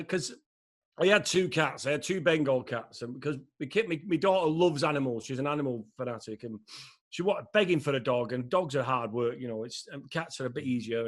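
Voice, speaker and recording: A man with a fairly high voice chats on a podcast. He tells his story in an animated, laughing way and swears freely. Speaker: podcast co-host. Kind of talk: casual chat, storytelling.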